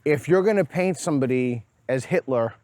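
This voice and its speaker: A man's voice: mid-range voice, animated, normal speed, a little mellow, dry recording. Playful Boston-accented male host. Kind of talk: casual street interview. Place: outdoors on a college campus.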